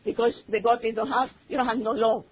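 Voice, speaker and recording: A high-pitched, middle-aged woman with a Spanish accent tells her church testimony in broken English, mixing in Spanish now and then. The recording sounds a little dull and muffled, with a faint hiss underneath. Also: fairly quick. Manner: broken English, slipping into Spanish, animated storytelling. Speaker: church member giving testimony. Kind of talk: personal testimony.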